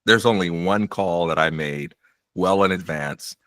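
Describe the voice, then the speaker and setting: Man, bright forceful voice, dry close sound, casual chat, wry, laid-back. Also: low-pitched, a little slow, no room sound. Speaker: podcast co-host.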